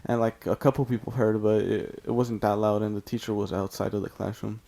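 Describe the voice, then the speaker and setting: A man's voice: lowish voice, little pitch movement, brisk, creaky, mellow. A man from California casually telling a story over gameplay, rambling with lots of fillers and swearing. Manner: rambling and profane, heavy use of "like". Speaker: storytime YouTuber.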